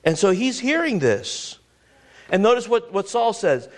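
Male preacher with a high voice, emphatic sermon delivery that stumbles over repeated words, reads scripture aloud. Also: sing-song, measured pace. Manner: reads scripture aloud in old-fashioned wording.

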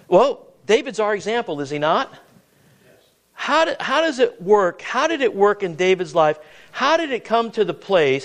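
A man preaching a sermon, with many questions to the listeners and repeated words. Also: high-pitched.

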